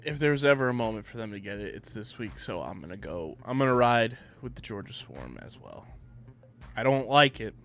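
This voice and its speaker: A man's voice: on the low side, big pitch swings, fairly quick, a bit bright, faint music behind. A young man co-hosting a casual lacrosse picks show, laid-back and joking, swearing now and then. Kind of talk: casual sports chat.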